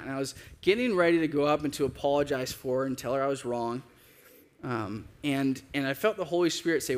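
A man preaching a sermon as a pastor, conversational and lively, acting out the voices he quotes. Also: fast. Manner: conversational, acts out quoted voices with big pitch jumps.

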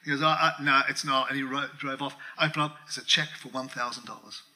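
Bright-voiced man preaching a lively sermon. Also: mid-range voice, fast talker, poor audio. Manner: animated storytelling, acts out dialogue, laughs often. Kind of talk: sermon with personal story. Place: church.

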